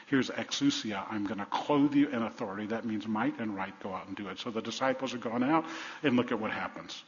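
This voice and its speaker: Male pastor, sermon, emphatic repetition, loud-to-hushed swings, long hall reverb, dull lo-fi sound. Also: medium pitch, brisk. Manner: repeats phrases for emphasis.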